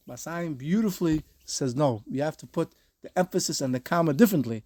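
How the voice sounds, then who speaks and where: Earnest rabbi with a fairly high voice. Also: male voice, brisk, dark tone, dry recording. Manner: explains earnestly, mixing Hebrew and Yiddish terms; rises to emphatic peaks when stressing a point. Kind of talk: Torah lecture.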